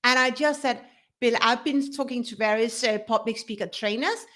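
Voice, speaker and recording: A woman's voice: a little high, normal speed, a bit bright. A middle-aged woman coach telling a personal story to the camera, earnest, with frequent restarts and self-corrections. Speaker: leadership speaking coach.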